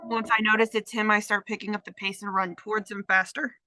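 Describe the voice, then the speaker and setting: A woman's voice: mid-range voice, level tone, fairly quick, sharp tone, no room sound, low-quality recording. A woman playing a tabletop game, speaking casually and a little tentatively in character. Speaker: player.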